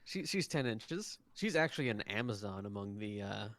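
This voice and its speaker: A man runs a tabletop game as game master, describing each scene at length with plenty of ums and restarts. His voice is smooth and resonant, recorded close on a desk mic with a dry sound. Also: fairly low pitch, very animated, moderate pace, a bit bright, no echo. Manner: rambling, many fillers and restarts. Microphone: close desk mic, online stream.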